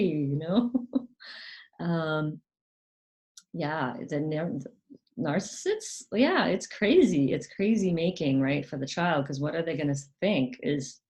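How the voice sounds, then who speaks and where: A woman's voice: sits low, lively intonation, slow, darkish tone. A woman hosting her own channel, talking casually and hesitantly with many fillers, sometimes putting on a mocking voice to quote others. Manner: acts out quoted parents in a raised, mocking voice. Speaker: channel host. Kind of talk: casual talk to camera.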